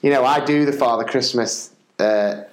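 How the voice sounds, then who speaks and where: A man's voice: medium pitch, normal speed. A man co-hosting a podcast, telling a comic anecdote with many restarts and quoted voices. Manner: animated, quotes people in put-on voices, rambling restarts. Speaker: podcast co-host, primary teacher. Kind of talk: comic storytelling chat. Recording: echoey room.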